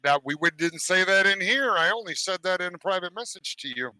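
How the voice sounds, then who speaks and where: A man's voice: high-pitched, expressive, brisk, pushed and bright, poor audio. A man hosting a casual gaming voice chat, blunt and teasing with his friends. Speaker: streamer host. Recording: music playing underneath.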